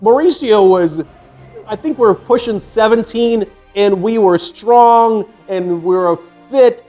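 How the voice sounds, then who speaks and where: An older man spins a loose, profane story from his youth in a slightly high voice, circling back with fillers and restarts. Soft music plays faintly under his talk. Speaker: fitness vlogger. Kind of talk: casual storytelling.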